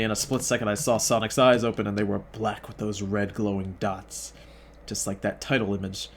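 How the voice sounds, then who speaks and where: A man's voice: lowish voice, slight background noise. A young man reading fan fiction aloud as host, breaking off for sarcastic, profane asides that mock the text.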